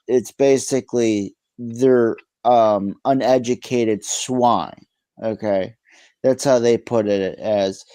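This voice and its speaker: A tired man in a casual live-stream chat, speaking haltingly with many fillers. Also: medium pitch, dark tone, no echo, rough recording.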